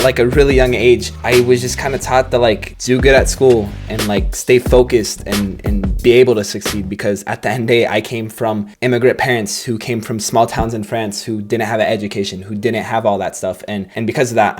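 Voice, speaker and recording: A young man giving a rambling, earnest voice-over as he reflects on his past. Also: mid-range voice. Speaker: vlogger. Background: guitar music.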